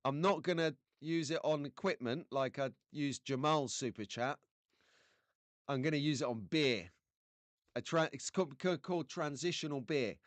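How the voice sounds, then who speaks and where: A man's voice: fairly high pitch, moderate pace, dry recording. A man from England hosting a casual live stream, chatty and jokey, greeting viewers by name.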